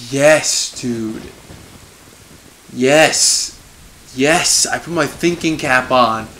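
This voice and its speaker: A young man giving let's-play commentary on his own playthrough, swearing and swinging from frustrated muttering to excited yelling. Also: medium pitch, slight background noise. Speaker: gaming video host.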